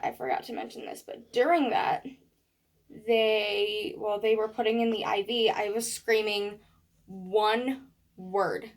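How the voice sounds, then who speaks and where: A woman telling a personal story in a vlog, animated, acting out what people said. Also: mid-range voice. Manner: animated storytelling with acted quotes. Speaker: vlogger.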